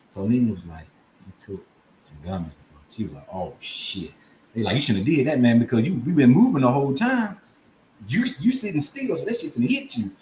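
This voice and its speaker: A man spins a comedic story in casual chat, with a lively voice that jumps high and low as he acts out the other people. His voice rings in an echoey room, with faint noise behind him. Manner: animated, acts out voices and laughs mid-story. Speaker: podcast guest storyteller.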